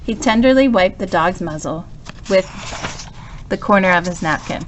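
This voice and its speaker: A woman narrating a children's story, reading aloud in a calm, even manner. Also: fairly low pitch, normal speed, dull audio, a little hiss or hum. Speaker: storybook reader.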